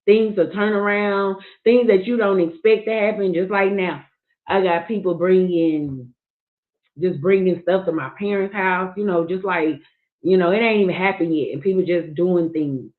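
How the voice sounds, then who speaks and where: A woman's voice: on the low side, normal speed. A woman speaking earnestly and frankly in candid casual talk, often restarting her sentences. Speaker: livestream guest sharing her grief. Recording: tinny phone-like line.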